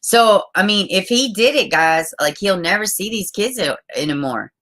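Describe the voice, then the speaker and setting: With a medium pitch, lively intonation and a fairly bright tone, this woman chats at a moderate pace on her casual livestream. She reads viewer comments, curses freely, and greets her audience with terms of endearment.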